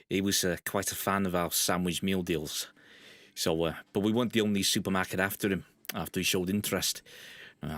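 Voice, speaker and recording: A man's voice: low voice, fairly bright tone, dry recording. A man voicing a smug, chatty store manager with a Liverpool accent. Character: smug middle-aged Scouse store manager.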